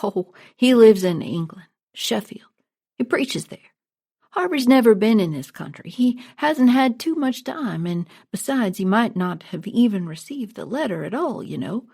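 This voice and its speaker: A woman doing a friendly young country fellow who gladly chats and answers every question, his voice lifting a little higher than the narration. The tone stays mellow with a slight gravelly grain. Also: animated, a little slow, full character voice. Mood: eager. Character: chatty, eager young man from a small town. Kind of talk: storybook reading.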